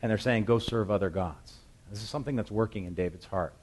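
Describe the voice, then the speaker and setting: Lower-voiced man preaching a sermon. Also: fast talker. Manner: acts out scripture voices, shouting the calls across the hills.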